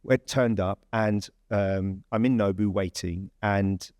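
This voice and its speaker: An English man with a fairly low voice tells a story in a loose, conversational way. He restarts sentences and leans on fillers as he goes. The sound is close and dry. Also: fairly even intonation, slow, a little mellow, no room sound. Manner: chatty, rambling storyteller with many fillers and restarts. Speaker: podcast host. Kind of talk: casual anecdote telling.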